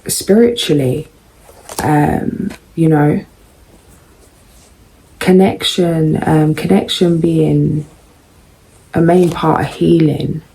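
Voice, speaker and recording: A woman doing a casual tarot reading, musing and unhurried, with frequent pauses and ums. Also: low-pitched, fairly even intonation, vocal fry, dark tone, poor audio. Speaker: tarot reader.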